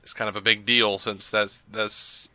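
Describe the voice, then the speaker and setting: A man with a lowish, very bright and sharp voice hosts a podcast. He chats loosely, fills his speech with ums and uhs, and laughs often. The sound is close and dry. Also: level tone, unhurried, dry recording. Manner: chatty, laughs often, many fillers. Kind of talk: casual chat.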